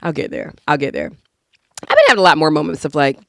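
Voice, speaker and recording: Lively, playful woman hosting a podcast. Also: low voice, gravelly, dry recording, clean studio sound. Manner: playful, expressive, quick to do impressions. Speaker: podcast host. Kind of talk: casual chat.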